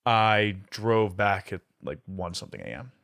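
A young man hosting a podcast, telling a story in a profane, animated way. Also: on the low side, normal speed, gravelly. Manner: profane, animated storyteller who swears often. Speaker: podcast host. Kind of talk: casual storytelling chat.

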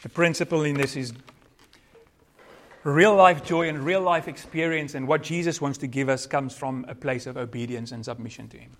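Male pastor, South African accent, earnest sermon delivery, mid-pitched voice. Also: normal speed. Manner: earnest preaching, code-switching, varied loudness.

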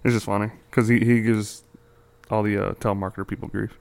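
A man's voice: fairly low pitch, little pitch movement, quick pace, creaky, a little mellow. A young man co-hosting a podcast, chatting casually with loose, profane storytelling. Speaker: podcast co-host. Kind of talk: casual chat.

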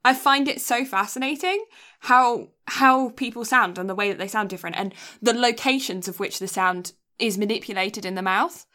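A woman's voice: mid-range voice, moderate pace, bright, forceful tone. A young woman from England whose English accent is mixed with a North American one, chatting casually as a podcast co-host and teasing with frequent laughter. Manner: laughs often, playful teasing. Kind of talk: casual chat.

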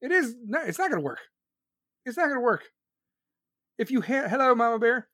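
His very high-pitched voice is sing-song, pushed and bright as he talks fairly quickly, close to the mic with no echo. The man, a political commentator, delivers a heated live-stream rant full of swearing and sarcastic sneers.

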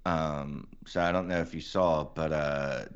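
A man from the Philly area talks in loose, teasing rambles full of ums. His voice sits very low. The recording sounds dull and lo-fi. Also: steady tone, a little slow, smooth. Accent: Philadelphia. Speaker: podcast co-host. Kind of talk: casual podcast chat.

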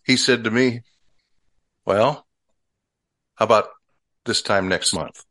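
A man's voice: fairly low pitch, slow pace, a bit bright. An older man recalling his radio days in a casual, matter-of-fact way. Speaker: former radio executive, guest. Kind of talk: casual storytelling conversation.

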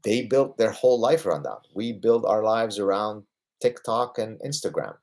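A man's voice: on the low side, moderate pace. A man in his fifties hosting a livestream Q&A, answering viewers emphatically and often tagging points with a rhetorical "right?". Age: 50s. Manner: lively, getting excited about his passions. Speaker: host answering viewer questions.

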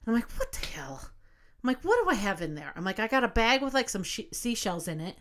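A woman's voice: on the high side, very animated, fast, fairly bright tone. A woman in her thirties, a podcast co-host chatting casually, telling a long story with plenty of swearing and acting out what she said.

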